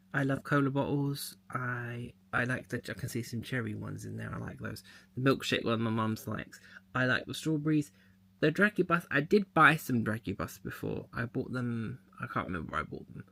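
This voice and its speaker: A man's voice: mid-range voice, vocal fry, fairly bright tone, slight background noise. A man chatting casually as he unboxes a mystery box, thinking aloud as he handles the packaging. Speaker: unboxing vlogger.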